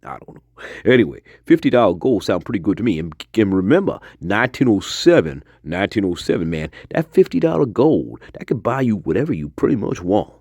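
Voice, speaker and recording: A man playing a rambling, profane old Delta storyteller with a husky, gravelly voice, drifting off into digressions. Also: lowish voice, very animated, a little fast, no echo, lo-fi sound. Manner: rambling, profane, digressive, jumps between hushed mutters and loud outbursts. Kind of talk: improvised comedic monologue.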